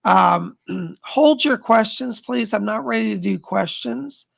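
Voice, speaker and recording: A middle-aged man with a strained, gravelly voice, chatting with viewers and leading a guided meditation on a live stream. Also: high-pitched, animated. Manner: chatty, gentle, thanks viewers by name; slow soothing guidance in meditation. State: strained, worn voice. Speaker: psychic medium streamer.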